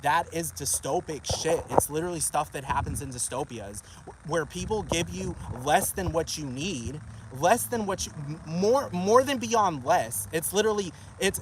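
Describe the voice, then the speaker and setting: Man, vlogger, slightly high voice, agitated street rant on a phone, faint traffic behind. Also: lively intonation, normal speed. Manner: repeatedly asks "do you understand what I'm talking about?"; heated and profane, with rising emphasis. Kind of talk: agitated ranting monologue. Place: outdoors in a parking lot.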